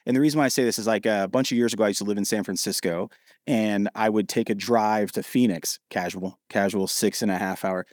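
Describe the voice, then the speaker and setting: Podcast guest, man in his thirties from Ohio; quick, animated storyteller, dry recording. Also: lowish voice, no echo. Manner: animated, acts out quoted dialogue.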